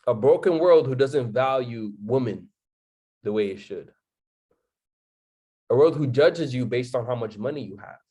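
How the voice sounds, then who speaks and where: A man's voice: mid-range voice, animated, unhurried, long pauses, mellow, slightly rough. A young man giving a motivational talk on a live stream, firing off rhetorical questions, repeating his points and asking "right?" to the chat.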